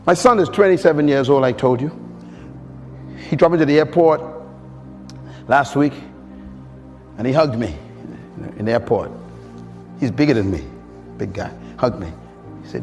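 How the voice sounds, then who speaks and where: Animated middle-aged preacher in a reverberant hall. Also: male voice, normal speed, long pauses. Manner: call-and-response preaching, climbing to high emphatic peaks. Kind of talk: sermon. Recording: long hall reverb with faint music.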